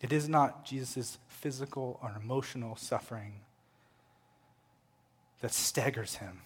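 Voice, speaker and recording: A man preaching a sermon, swinging between loud, impassioned proclamation and hushed, quiet lines. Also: mid-range voice, a little slow, husky. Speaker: pastor. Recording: long hall reverb.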